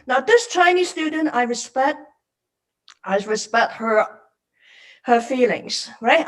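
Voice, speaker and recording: A high-pitched woman joins an online seminar discussion as an academic panelist. She speaks earnestly and with open emotion, over a video call. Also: expressive, takes it slowly, pauses often, poor audio.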